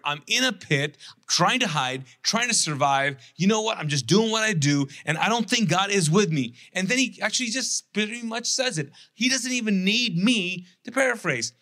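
A pastor delivers a sermon in a casual, storytelling way, acting out quotes with sarcasm and energy. His voice sits a little high for a man and sounds bright and forceful. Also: moderate pace, hardly any pauses. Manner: conversational, animated storytelling with sarcastic acted quotes.

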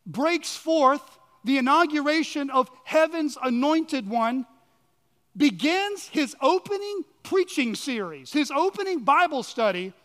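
Young male pastor, unusually high voice, animated sermon storyteller, hall reverb. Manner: animated storytelling, swinging between quick asides and slow, hushed emphasis. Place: church sanctuary.

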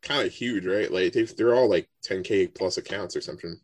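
A man's voice: low-pitched, fairly quick, slightly rough, no echo. An American man from Connecticut, a podcast guest chatting loosely, swearing freely, filling with "like" and laughing often. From Connecticut, USA. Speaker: podcast guest, game designer. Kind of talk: casual chat.

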